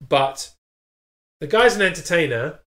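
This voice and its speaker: A man co-hosting a live-streamed chat show, wry and teasing in quick banter. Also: a little high, lively intonation, pushed and bright. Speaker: co-host.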